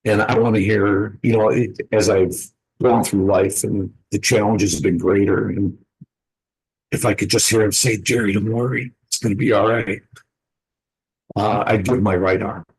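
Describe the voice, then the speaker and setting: A man earnestly sharing a personal story in a group conversation, reflective and pausing to gather his words. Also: lowish voice, flat delivery, gravelly, darkish tone, slightly rough, poor audio.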